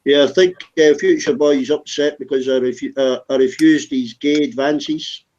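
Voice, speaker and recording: A man teasing and swearing in a casual group video chat, quick to argue a point. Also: medium pitch, fairly even intonation, a little mellow, highs cut off. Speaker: chat participant.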